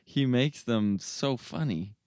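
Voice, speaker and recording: A man's voice: takes it slowly, no room sound, clean studio sound. A man in his thirties from the Midwestern US chatting casually and animatedly telling a story about a friend. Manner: animated storyteller, acts out friends' voices in high pitch. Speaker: storyteller in a chat. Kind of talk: casual chat.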